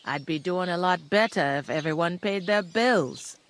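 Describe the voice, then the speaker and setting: A woman's voice: on the low side, normal speed, a little hiss or hum, natural voice. A woman playing a blunt village tavern keeper. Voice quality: blunt, no-nonsense. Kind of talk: video game dialogue.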